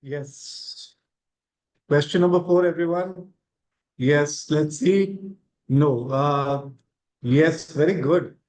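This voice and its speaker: A man's voice: fairly high pitch, slow, long pauses, a little mellow, rough recording. A man teaching an online grammar class, encouraging students and checking with "right?".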